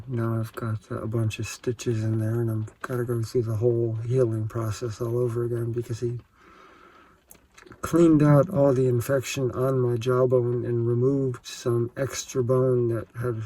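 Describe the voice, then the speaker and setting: A man's voice: mid-range voice, dark tone. Man vlogging with a swollen cheek. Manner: reflective, candid, chats to camera while doing chores. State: swollen cheek after oral surgery. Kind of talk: casual vlog narration. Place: outdoors and around a house under renovation.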